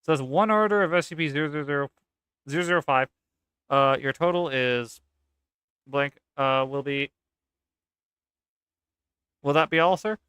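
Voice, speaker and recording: A man voicing a bored young female sales operator who speaks in a flat monotone. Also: fairly high pitch, normal speed, long pauses, clean tone, dry recording, studio quality.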